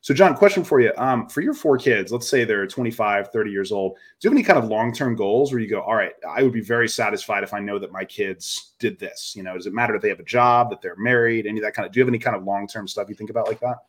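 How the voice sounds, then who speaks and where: A man's voice: lowish voice, fast talker, few pauses, breathy edge. A man in his thirties, a podcast co-host, talking earnestly and reflectively in casual chat.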